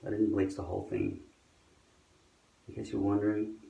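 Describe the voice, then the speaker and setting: A man's voice: fairly low pitch, completely flat delivery, normal speed, vocal fry, dark tone, recorded from a distance, dull audio. A man demonstrating how he applies a hairpiece, talking to his viewers in a sardonic, grumbling way and swearing often. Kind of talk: casual how-to monologue to camera. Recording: echoey room.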